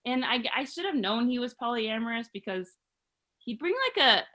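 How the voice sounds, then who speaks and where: A woman's voice: on the high side, animated, moderate pace, bright, forceful tone. A woman in her thirties from Arizona doing a rambling, self-deprecating stand-up comedy set. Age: 30s.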